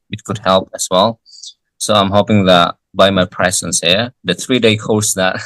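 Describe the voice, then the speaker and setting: Deep-voiced man tutoring English. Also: fairly bright tone, dry recording, low-quality recording. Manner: halting, with frequent restarts and fillers. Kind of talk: casual English lesson.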